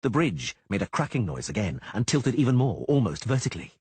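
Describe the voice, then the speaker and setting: Husky male audiobook narrator. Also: medium pitch, sing-song, a little fast, few pauses, darkish tone, no room sound.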